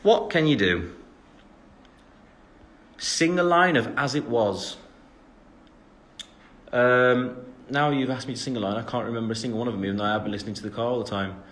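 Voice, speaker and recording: A man's voice: mid-range voice, moderate pace, long pauses, a bit bright. A young man from the English West Midlands with an English accent, chatting on a phone livestream and reading out fan questions between lots of ums. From England, West Midlands. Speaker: singer answering fans on a livestream. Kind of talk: casual live-stream Q&A.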